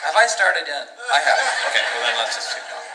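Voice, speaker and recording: A man's voice: on the high side, very animated, fast, background noise. A man from the United States performing a live stand-up routine, telling his story in a goofy, mock-earnest way with sudden silly outbursts. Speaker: stand-up comedian. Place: large theatre stage before an audience. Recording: live concert album, echoey venue, distant mic, loud audience. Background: loud audience laughter and ambience.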